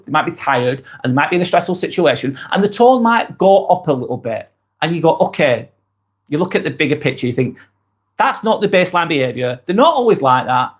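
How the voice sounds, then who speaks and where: A man's voice: a little high, lively intonation, fairly quick. A man giving casual advice to camera, rambling and often repeating himself or restarting his sentences. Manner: uses mate in chatty address. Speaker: self-help video host.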